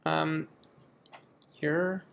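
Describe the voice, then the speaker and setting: A man's voice: fairly high pitch, flat delivery, extremely slow, creaky, fairly bright tone, slight background noise. A young man from the United States casually reading a word list aloud and reacting offhandedly in a vlog. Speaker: vlogger.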